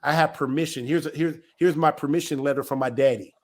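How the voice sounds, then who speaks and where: A man putting on a naive young driver whose voice drops lower than the speaker's own, slow and puzzled, unbothered and matter-of-fact about everything. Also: fairly even intonation, slight background noise, lightly acted.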